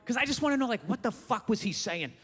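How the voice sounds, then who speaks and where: A man doing a stand-up comedy set on stage, ranting and swearing with loud shouted bursts, recorded live in a theater. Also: very high voice, big pitch swings, fast, slightly rough. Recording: live in a theater with long reverb and faint crowd noise.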